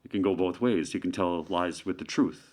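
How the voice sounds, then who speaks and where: A Canadian man with a fairly low voice chats in an easygoing interview. His talk is playful and meandering, and jokes keep slipping in. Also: moderate pace, darkish tone. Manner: playful, rambling, joking. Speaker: guest street artist. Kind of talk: casual interview chat.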